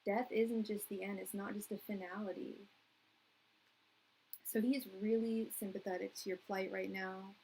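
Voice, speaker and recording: A woman's voice: medium pitch, little pitch movement, moderate pace, a little mellow, slightly rough, low-quality recording. A young woman giving a live-stream tarot reading, chatty and emotional, with frequent laughter. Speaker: tarot reader.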